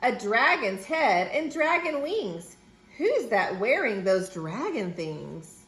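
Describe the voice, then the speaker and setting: A woman reading a children's picture book aloud in an expressive, sing-song way, slipping into playful squeaky voices for the characters. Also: takes it slowly, reverberant. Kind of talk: children's storybook read-aloud.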